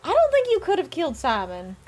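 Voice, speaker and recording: A woman's voice: very high-pitched, wildly swooping pitch, a little fast, darkish tone. A woman streaming a game live, chatting playfully with viewers and reading the game's text aloud. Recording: faint music behind.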